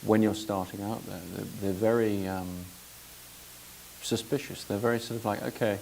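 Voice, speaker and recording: Low gravelly man, hesitant talk. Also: flat delivery, moderate pace, a little mellow, slight background noise, rough recording. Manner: hesitant, repeats words. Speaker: filmmaker interviewer. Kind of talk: conversational interview.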